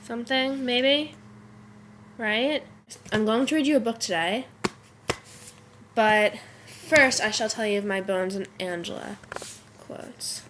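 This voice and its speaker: A woman's voice: on the high side, slow, pauses often, noisy background. A teenage girl who is sick and congested, rambling to her webcam in her bedroom, chatty and easily sidetracked. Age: teens. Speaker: vlogger. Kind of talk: casual chat to camera.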